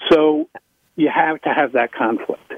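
A man, a public speaking coach, talking in an interview with emphatic, animated leaps in pitch. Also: unhurried, vocal fry, no echo. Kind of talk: interview talk. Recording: tinny phone line.

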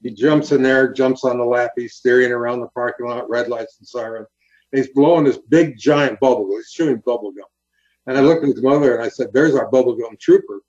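A man's voice: medium pitch, a little fast. Man telling an earnest story, muffled audio. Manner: earnest, animated storyteller who acts out quotes. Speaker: guest, former highway patrol officer. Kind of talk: storytelling in an interview.

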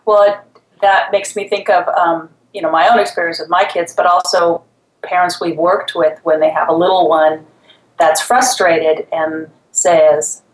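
A woman's voice: lowish voice, little pitch movement, unhurried, reverberant, low-quality recording. A woman therapist, a guest on a talk show, explaining things conversationally. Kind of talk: casual chat.

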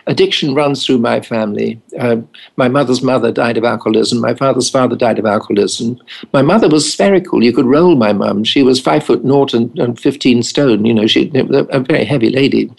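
Over poor audio, an older English family doctor and addiction specialist tells wry stories in an interview, dramatizing the dialogue. He speaks fairly quickly in a mid-range voice that is creaky with a breathy edge.

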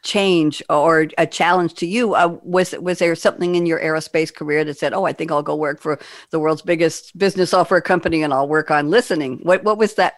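A woman's voice: sits low, fairly even intonation, brisk, dry recording, studio quality. Chatty woman hosting a panel. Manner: bubbly, chatty, laughs between questions. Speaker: panel host. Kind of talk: hosting a live online panel.

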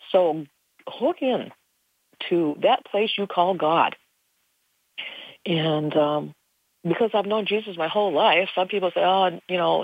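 Older lady, low gravelly voice, folksy spiritual talk, dull lo-fi sound. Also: no room sound. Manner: earnest, folksy, rambling. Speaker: spiritual teacher. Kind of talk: casual spiritual monologue. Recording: dull lo-fi recording.

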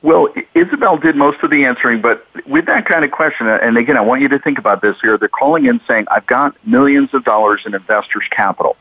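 A man's voice: mid-range voice, quick pace, hardly any pauses, no echo. A man co-hosting a talk radio show, recounting anecdotes and slipping into the voices of the people he quotes. The sound is thin and phone-like, with a very dry, close feel and no room around it. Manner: storytelling, acts out callers' lines. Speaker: co-host.

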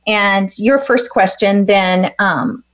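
A woman's voice: medium pitch, slow pace. A woman hosting a faith-based coaching show, affirming and encouraging as she interviews her guest in casual chat. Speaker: host, spiritual life coach.

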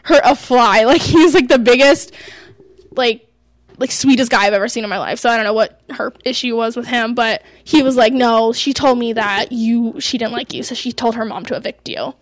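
Animated young woman telling a story. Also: fairly high pitch, normal speed, no room sound. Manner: animated, quotes herself and others. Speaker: co-host. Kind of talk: casual storytelling.

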